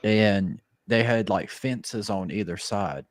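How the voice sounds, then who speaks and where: A man's voice: fairly low pitch, slow pace, no room sound. A man in his thirties, a podcast co-host, telling a loose, profane family story in casual chat.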